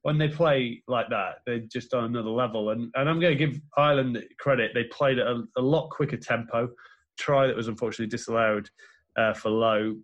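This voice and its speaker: A man's voice: medium pitch, steady tone, a little fast, muffled recording. A man co-hosting a podcast who talks through rugby plays in detail in casual chat. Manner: detailed play-by-play analysis. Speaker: podcast co-host.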